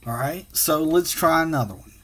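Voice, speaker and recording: A man teaching a phonics and punctuation lesson to children, sounding out letters slowly and patiently. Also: fairly high pitch, a bit bright.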